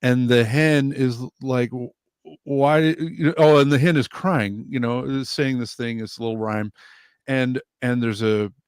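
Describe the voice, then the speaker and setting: A man's voice: fairly even intonation, unhurried, clean tone, no echo, studio quality. A man in a casual video-call group chat, rambling as he retells a folk tale with many restarts. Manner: rambling storyteller, many restarts, voices each animal higher.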